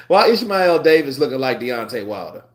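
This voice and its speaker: A man in his twenties hosting a live stream, chatting casually and telling rambling stories with frequent laughter. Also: mid-range voice. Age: 20s. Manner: laid-back, laughs often, rambling anecdotes. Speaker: livestream host. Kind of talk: casual live commentary and storytelling.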